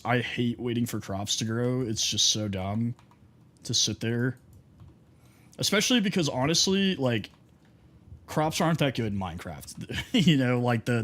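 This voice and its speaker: A young male streamer from Texas chats loosely while he plays. His talk is rambling and full of fillers as he wanders between stories. His voice sits at an ordinary middle pitch. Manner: rambling storyteller, heavy on fillers. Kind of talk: casual chat while gaming.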